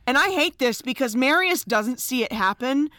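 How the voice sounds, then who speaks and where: A woman co-hosting a casual podcast, recapping a musical with animated storytelling and frequent laughs. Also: high voice, normal speed, no echo, studio quality. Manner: animated, laughs often, acts out lines. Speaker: podcast co-host.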